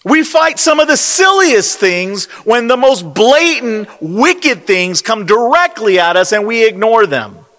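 A man preaches in an emphatic, rhetorical style, his high, bright voice swinging widely in pitch. He takes his time, stressing single words one by one. A long hall reverb trails every phrase. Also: sing-song, unhurried, few pauses. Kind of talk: sermon. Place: convention hall.

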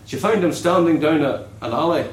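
A man preaching a sermon in an earnest way, dropping low and soft on key words. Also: fairly quick, reverberant, rough recording.

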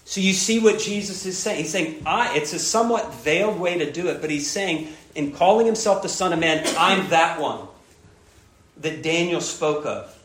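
A man preaching a sermon, emphatic, repeating key phrases and dropping soft on grave points. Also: a little high, normal speed, roomy sound. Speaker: pastor.

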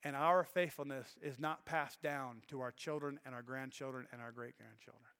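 A middle-aged male pastor gives an earnest, heartfelt sermon with a bright, clear voice, often stopping and restarting his sentences as he tells his story. The voice rings out with a long reverb, as in a large church hall. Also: medium pitch, fairly even intonation, normal speed. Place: church sanctuary.

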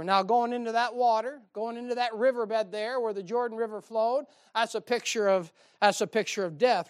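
Folksy preacher with a dry close sound. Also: male voice, sits high, clear, resonant tone, dry recording. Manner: folksy storytelling with call-and-response asides. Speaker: pastor. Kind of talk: sermon. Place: church.

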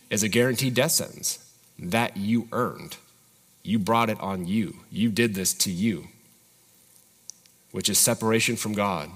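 A pastor delivers a sermon in a fairly low male voice, pressing his listeners with earnest, searching questions. The sound carries a long reverb tail, as in a church sanctuary.

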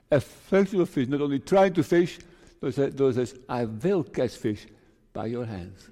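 Older pastor in reverberant church. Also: male voice, medium pitch, unhurried, few pauses, warm tone. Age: 60s. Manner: earnest, repeats phrases for emphasis. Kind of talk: farewell sermon. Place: church sanctuary.

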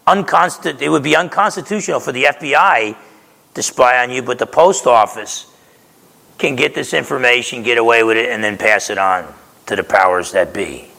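Preaching in a reverberant hall, a New Jersey pastor in his sixties delivers an emphatic, conversational sermon, checking in again and again with "okay?". He speaks at a moderate pace in a bright, forceful mid-range voice with vocal fry.

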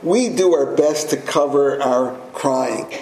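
A man's voice: mid-range voice, slow pace, darkish tone, a little hiss or hum. A man preaching a sermon as pastor, emphatic and fond of rhetorical questions. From United States. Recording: roomy echo, faint ambience.

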